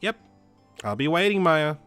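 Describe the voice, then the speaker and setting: Composed older-sister lawyer for a game, voiced by a man, gentle, measured. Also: a little high, very animated, soft background music. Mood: calm. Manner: gentle, measured, softly teasing.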